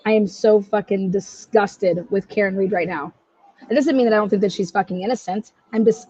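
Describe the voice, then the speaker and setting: A woman's voice: mid-range voice, dark tone, slightly rough, dull audio. A woman hosting a true-crime livestream, ranting angrily and swearing heavily as she gives her commentary. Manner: angry, profane ranting. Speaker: livestream host.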